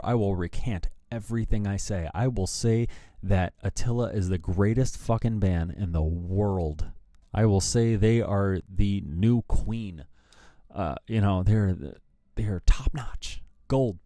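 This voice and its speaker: A man's voice: medium pitch, mellow, no echo. A man hosting a rock news show, ranting angrily and swearing heavily about a band. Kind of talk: profane opinion rant.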